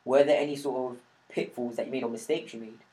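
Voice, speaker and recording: A male podcast host asks questions in a relaxed chat with a guest, and his words come quickly. He often breaks in with short agreement and keeps the conversation moving. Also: mid-range voice, rough recording. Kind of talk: casual interview questions.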